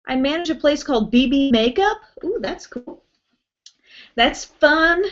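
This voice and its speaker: A chatty young woman hosts a live beauty stream from home, her fairly high voice bubbling with giggles as she greets viewers. The audio is muffled and lo-fi, like a webcam mic. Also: expressive, measured pace. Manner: chatty, giggly, reacts brightly to viewer names. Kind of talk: casual live-stream chat, reading viewer comments.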